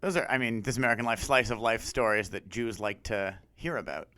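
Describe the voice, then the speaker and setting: A man's voice: on the low side, brisk. A man co-hosting a podcast in a studio, chatting casually and jokingly, slipping into mock radio-announcer bits. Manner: jokey, animated, slips into goofy radio-announcer voices. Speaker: podcast co-host. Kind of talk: casual chat.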